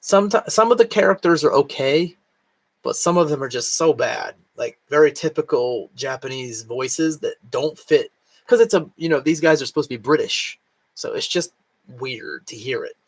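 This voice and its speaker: A man's voice: a little high, lively intonation, moderate pace. Rambling vlogger man with a worn voice. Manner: rambling, filler-heavy with frequent "like". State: recovering from lost voice, can't reach high notes. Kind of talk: casual chat. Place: home, cat nearby.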